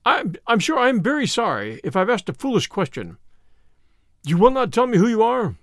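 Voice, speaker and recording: A man voicing an eager, excitable man at a seance who gets a little flustered, in an audiobook reading. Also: high voice, normal speed, no room sound, studio quality, pitched above the performer's own voice, heavily acted. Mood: excited.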